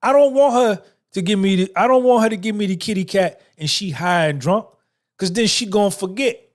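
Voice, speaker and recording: A man's voice: sits high, fairly quick. Swaggering, profane man in his fifties. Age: 50s. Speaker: podcast host. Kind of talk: boastful casual livestream talk, answering chat.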